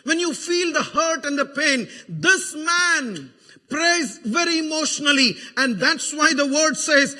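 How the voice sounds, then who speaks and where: A man with a Malayali accent preaching an emotional sermon as pastor, building to fervent shouted prayer. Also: extremely high pitch, animated, measured pace. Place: church sanctuary. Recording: long church reverb.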